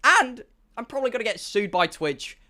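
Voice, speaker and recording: A young man telling a rambling story to his stream as a streamer, excitable and full of stammered restarts. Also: very high-pitched, moderate pace.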